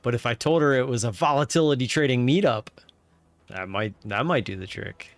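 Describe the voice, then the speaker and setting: A man hosting a live stream in casual chatter, who breaks into loud cheering now and then. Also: mid-range voice, a little fast, creaky, no echo, faint music behind.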